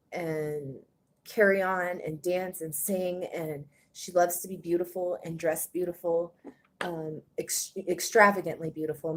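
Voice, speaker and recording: A woman born in Germany, speaking hesitantly with many pauses in a personal confessional vlog, a little out of breath. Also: low-pitched. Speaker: vlogger.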